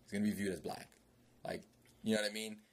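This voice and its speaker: A man's voice: fairly low pitch, flat delivery, fast talker. A man from Jamaica in casual podcast chat, laid-back and slangy, often asking "you know what I mean".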